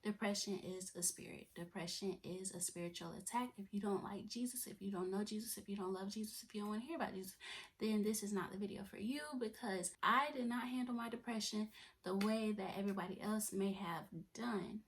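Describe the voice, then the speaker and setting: A young woman, telling her own story to the camera. She talks in a soft, often near-whispered voice at a mid pitch. She is chatty and repeats and restarts her phrases. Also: brisk, a little hiss or hum. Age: 20s. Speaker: vlogger. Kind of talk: personal testimony vlog.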